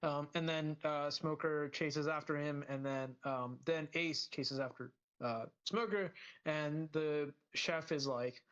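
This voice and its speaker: A man's voice: fairly high pitch, fairly even intonation, slow pace, a bit bright, smooth, muffled recording. A man co-hosting a podcast, recapping an episode casually with lots of fillers and restarts. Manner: rambling, full of fillers and restarts. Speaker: podcast co-host.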